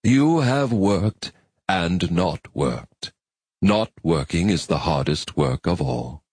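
A man voicing an elderly male coin-operated machine priest who intones slowly, as if there were no rush. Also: fairly low pitch, huge pitch swings, breathy edge, dry recording, studio quality, full character voice. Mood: serene. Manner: slow, unhurried intoning.

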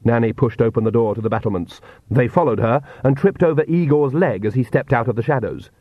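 A male audiobook narrator tells the story in a measured, even way at a middle pitch. The recording is close and dry, with a slightly dull, muffled top. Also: no echo. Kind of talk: scripted narration.

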